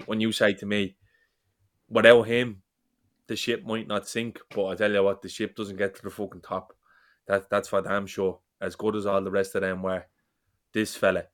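A man's voice: on the low side, a bit bright. A man, co-hosting a casual football podcast and talking passionately, with plenty of swearing and repeated words. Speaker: podcast co-host.

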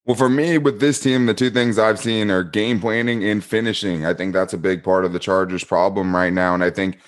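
A man's voice: on the low side, fairly even intonation, a little fast, close to an everyday voice. A man playing an analytical male football coach candidate who lays out points methodically. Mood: serious.

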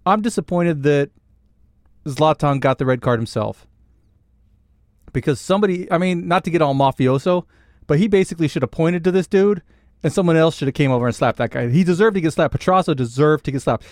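A man's voice: fairly high pitch, fairly quick, a little mellow, no room sound, studio quality. A man from Canada, co-hosting a casual sports podcast in a brash, joking, swearing way. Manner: brash, swearing, laughs often. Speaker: podcast co-host.

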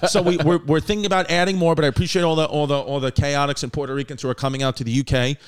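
Rapid-fire and smooth, this man's fairly high-pitched voice has a flat delivery. He's a thirtysomething podcast host having a casual, profane chat, laughing often as he spins stories.

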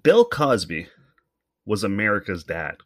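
A blunt man with a somewhat low voice, delivering an opinionated solo podcast monologue. He swears freely and rambles from point to point. His voice is close to a podcast mic and sounds dry, with no room. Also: big pitch swings, measured pace, no echo. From Canada. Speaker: podcast host.

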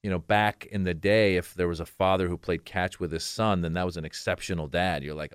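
Male comedian guest, forties, from Iran, low smooth voice, dry close sound, animated anecdotes. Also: brisk, few pauses, dry recording. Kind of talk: casual interview storytelling.

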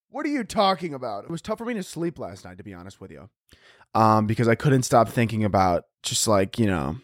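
A young man hosting a podcast, riffing in a profane, rambling comic monologue and often breaking into squeaky impressions. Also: no room sound, clean studio sound. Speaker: podcast host.

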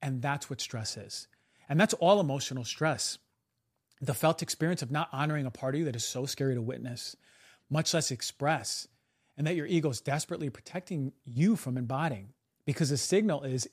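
A man's voice: medium pitch, breathy edge. Emphatic male podcast host. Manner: emphatic, often adds a quick "right?". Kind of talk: podcast monologue.

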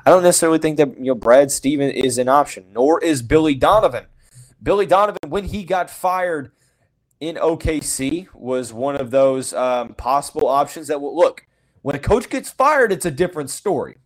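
A man's voice: fairly high pitch, animated, normal speed. A man hosting a solo sports podcast, giving frank opinions in a loose, rambling way full of "you know" fillers. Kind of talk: casual solo sports commentary.

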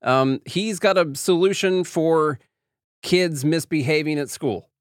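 A man's voice: on the high side, takes it slowly, dry recording, clean studio sound. A man hosting a podcast, talking in a sarcastic, opinionated and rambling way. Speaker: podcast host. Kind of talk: casual commentary.

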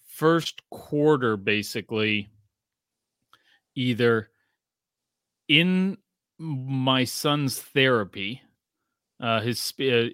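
A man's voice: medium pitch, sharp tone, no echo, clean studio sound. A man who grew up in Australia, in his thirties, hosting a casual podcast and rambling with frequent restarts. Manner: rambling, self-interrupting, laughs often. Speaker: podcast host.

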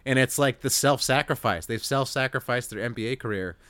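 A man's voice: mid-range voice, a little fast, a bit bright, dry recording. A young man hosting a casual podcast chat, reading listener questions and joking with frequent laughs and restarts.

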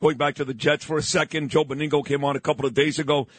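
A man's voice: a little high, fairly even intonation, fast, fairly bright tone. A man hosting a talk radio show in a combative, sarcastic style, mocking politicians. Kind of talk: opinionated talk radio monologue. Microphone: studio microphone.

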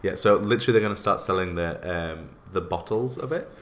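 Deep-voiced man chatting. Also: a little hiss or hum. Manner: chatty, laughs often, quick bursts. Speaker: podcast co-host and guest editor. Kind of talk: casual podcast chat.

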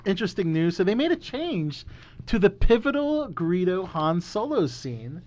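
A man hosts a casual podcast chat, voice a little high and rambling along with plenty of fillers and easy laughs. The recording is dull and lo-fi. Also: big pitch swings, moderate pace, darkish tone, dry recording. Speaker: podcast host.

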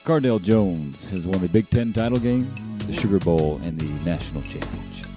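A man co-hosting a casual sports podcast, lively and steering the conversation. His voice sits somewhat low. Music plays clearly behind him. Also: moderate pace.

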